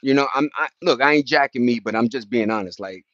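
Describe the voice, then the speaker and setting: A man's voice: medium pitch, fast talker, a bit bright, no room sound, muffled recording. A man in his forties from New York with a New York accent, chatting casually on a livestream in streetwise slang and greeting viewers by name. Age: 40s. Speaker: livestream host.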